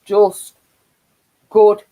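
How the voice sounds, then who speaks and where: A woman's voice: extremely slow, mellow, poor audio. A woman with a Yorkshire accent hosting a casual live stream, rambling with frequent laughs and restarts.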